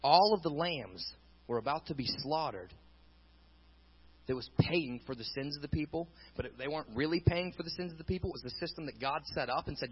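Male pastor, fairly high husky voice, preaches with dramatic swells and quiet drops, muffled lo-fi sound. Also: animated, brisk. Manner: dramatic preaching, rising loud and falling quiet. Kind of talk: sermon.

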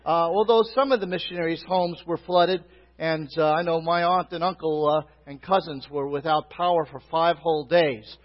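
A man's voice: fairly high pitch, steady tone, moderate pace. A middle-aged man with a Brooklyn accent, a rabbi and pastor preaching a folksy sermon full of fillers and calls of "Amen?". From Brooklyn, New York. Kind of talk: sermon greeting and testimony. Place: church sanctuary. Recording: reverberant hall, dull lo-fi sound.

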